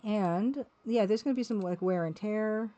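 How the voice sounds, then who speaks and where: A woman's voice: mid-range voice, moderate pace, dark tone, highs cut off. A woman with a Canadian accent, chatting casually and self-deprecatingly with her viewers while she works on pixel art. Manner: rambling, self-deprecating, talks to her chat. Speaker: artist streaming her work. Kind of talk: casual livestream chat while drawing.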